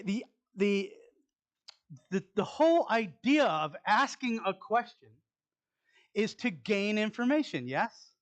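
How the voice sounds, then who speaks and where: Pastor, male, slightly high-pitched; animated, chatty preaching with questions to the room and soft asides. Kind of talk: conversational sermon. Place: church sanctuary.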